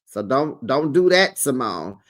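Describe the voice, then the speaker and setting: A man's voice: mid-range voice, sing-song, a little slow, a bit bright. A man hosting a casual reality TV recap, talking in a sassy, playful gossip style full of slang asides.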